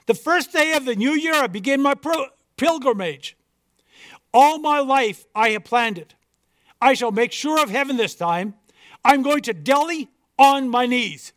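A man's voice: very high-pitched, animated, a little slow, a bit bright, dry recording, studio quality, voice pushed up, heavily acted. A man voicing a proud old pearl diver. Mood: earnest. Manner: earnest, formal, pleading. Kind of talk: storybook dialogue reading.

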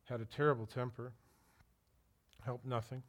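A man's voice: medium pitch, steady tone, normal speed. A middle-aged man preaching a sermon as pastor, telling personal stories and putting direct questions to his listeners.

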